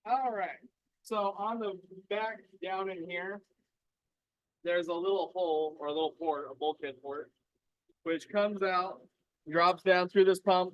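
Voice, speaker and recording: A man's voice: high-pitched, no room sound, lo-fi sound. Easygoing man explaining saw machinery. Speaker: lapidary saw operator. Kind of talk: casual hands-on demonstration. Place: indoor workshop by a rock saw.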